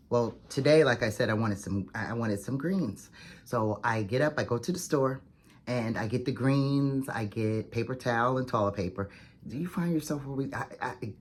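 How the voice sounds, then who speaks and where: A woman vlogger telling a story to the camera in a chatty, fast, animated way, full of "like"s and acted-out quotes. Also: rumbling low, slight background noise. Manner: chatty, fast-talking, animated retelling with many "like"s.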